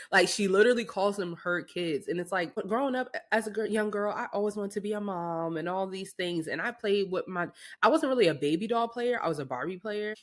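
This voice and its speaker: A pregnant young woman co-hosting a podcast, telling stories in a casual, animated way, acting out voices and swearing freely. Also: lowish voice. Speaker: podcast co-host. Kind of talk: casual chat.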